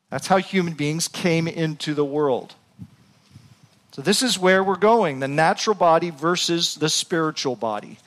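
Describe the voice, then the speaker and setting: A male pastor preaching a sermon in a slightly high voice. He speaks earnestly to his congregation and rises into impassioned appeals. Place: church before a congregation.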